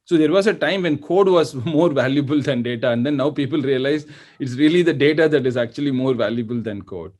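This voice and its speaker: A man from India speaking as a software executive on an online panel, explaining points with many fillers and tag questions. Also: medium pitch, a little fast. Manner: explains with frequent "right?" and fillers. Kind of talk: panel discussion. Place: video call.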